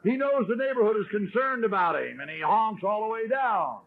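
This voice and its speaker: A middle-aged man telling his story at a recovery meeting, wry and self-mocking, often clearing his throat. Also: high voice, animated, moderate pace. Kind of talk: storytelling talk. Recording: tinny lo-fi 1970s tape.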